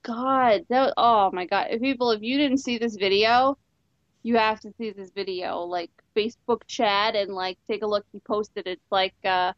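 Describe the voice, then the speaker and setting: A woman co-hosting a podcast in casual group chat, animated, blunt and profane, laughing often. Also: medium pitch, moderate pace, dry recording, muffled recording. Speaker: podcast co-host.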